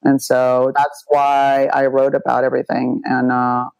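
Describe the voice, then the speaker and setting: Blunt, gravelly-voiced woman author. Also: a bass voice, completely flat delivery, measured pace, a little mellow, no room sound, dull audio. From United States. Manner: blunt, self-mocking, swears freely. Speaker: memoir author and guest. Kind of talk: candid interview talk.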